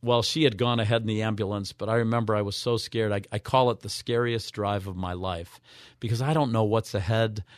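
A man of mature years, a radio show guest, earnestly telling a personal story with halting restarts. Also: lowish voice, no room sound, clean studio sound. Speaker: guest, author.

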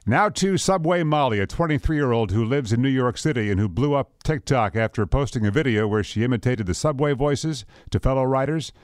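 Lively radio newsman. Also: medium pitch, a little fast, few pauses, no room sound, clean studio sound. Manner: lively, playful delivery with rhymes. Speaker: news anchor. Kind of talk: radio news read.

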